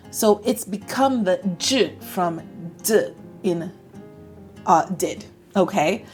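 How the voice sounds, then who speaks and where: A woman with an American accent and a fairly low, expressive voice speaks slowly while explaining an English lesson to camera. She's chatty and upbeat and acts out example phrases, with soft music in the background.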